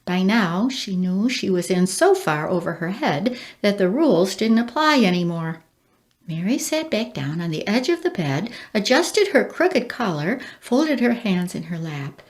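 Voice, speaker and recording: A woman reading a storybook aloud as narrator, measured and expressive. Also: mid-range voice.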